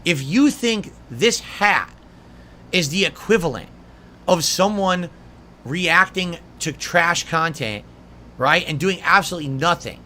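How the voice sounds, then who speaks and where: High, bright-voiced indignant streamer man. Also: lively intonation, a little slow, a little hiss or hum. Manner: indignant, sarcastic. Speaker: livestreamer. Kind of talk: defensive talk to stream chat.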